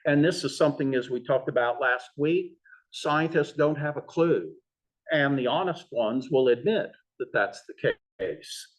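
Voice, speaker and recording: Slow, halting man teaching a class. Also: mid-range voice, animated. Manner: halting, with many fillers and restarts. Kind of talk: classroom lecture. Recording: voice from far off in a room.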